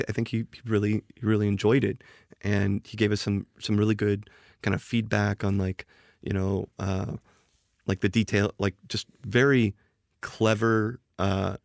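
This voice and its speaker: A man's voice: fairly low pitch, creaky, no echo, clean studio sound. A man, a game designer guest on a podcast, telling a story animatedly, often restarting and acting out quoted dialogue. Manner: often restarts and repeats words. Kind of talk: casual podcast chat.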